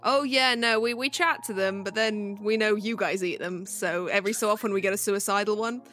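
A woman's voice: mid-range voice, brisk, fairly bright tone, soft background music. A woman playing a tabletop game, joking and swearing playfully. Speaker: player. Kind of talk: casual tabletop play.

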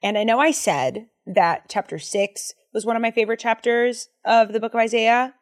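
A woman's voice: a little high, normal speed. A young woman casually leading a Bible study, enthusiastic and chatty with lots of fillers.

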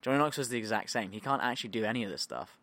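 A man co-hosting a podcast, telling a story in a loose, animated way, acting out quotes and laughing often. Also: medium pitch, very fast, no echo. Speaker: podcast co-host. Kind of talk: casual storytelling chat.

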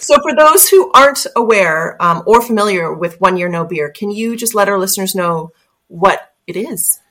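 A woman hosting a podcast, reading an earnest introduction and then chatting with her guest, emphatic and quick to laugh. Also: mid-range voice, lively intonation, a bit bright. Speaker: podcast host. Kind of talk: scripted intro then casual interview.

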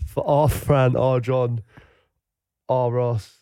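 A man's voice: mid-range voice, flat delivery, extremely slow, mellow, smooth, no echo, studio quality. A young man co-hosting a podcast, teasing and laughing often in casual chat. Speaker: podcast co-host.

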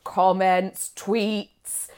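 A woman's voice: medium pitch, little pitch movement, very slow, a little mellow, clean tone. A woman co-hosting a podcast, reading out listener messages in a giggly, playful way with theatrical emphasis. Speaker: podcast co-host.

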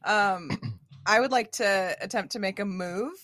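A woman's voice: mid-range voice, unhurried, a bit bright, no room sound. A woman player in a casual tabletop game, playful and giggly as she argues her moves.

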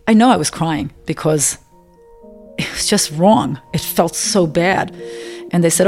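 A middle-aged woman telling a personal story in a halting, emotional way, often repeating herself. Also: on the low side, darkish tone, faint music behind. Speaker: interviewee. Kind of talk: personal testimony.

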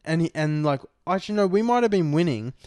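A young Australian man spins a rambling story in casual podcast chat, swearing freely. His voice comes across smooth and resonant, recorded close with a dry sound. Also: a little high, expressive, fast, warm tone, no room sound. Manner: rambling, swears often, acts out quotes. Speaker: podcast co-host. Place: lounge room.

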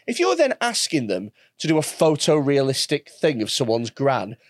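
Animated, sweary man. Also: mid-range voice, moderate pace, no room sound, clean studio sound. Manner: sweary, animated storytelling with voiced impressions. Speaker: podcast host. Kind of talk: casual chat.

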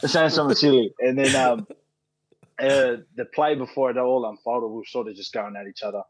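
Chatting as a podcast guest, the thirty-something Australian rugby league player spins relaxed, filler-heavy, profane stories. His pitch is medium with little movement, and his pace is moderate. Crowd noise sits under a dull, dry recording.

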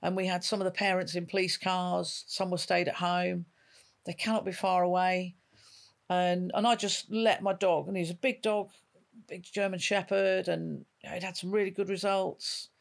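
A woman in her fifties with a gravelly, fry-edged voice recounts her police days. She is a retired dog handler, talking in an interview and acting out each quoted line as she tells it. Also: fairly low pitch, level tone, moderate pace. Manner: vivid storyteller who acts out quoted dialogue. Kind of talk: emotional storytelling in an interview.

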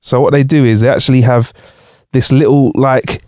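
A man's voice: medium pitch, fairly even intonation, normal speed, a little mellow, no room sound, clean studio sound. A young man co-hosting a casual podcast, explaining facts with frequent laughter. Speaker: podcast co-host.

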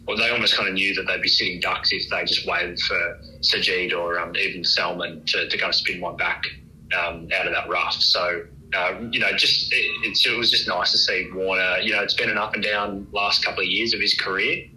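A man, a cricket reporter on a podcast, chatting in a relaxed, rambling way with many fillers and restarts. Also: low-pitched, low-quality recording. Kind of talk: casual podcast chat. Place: at the ground, with faint ambience behind.

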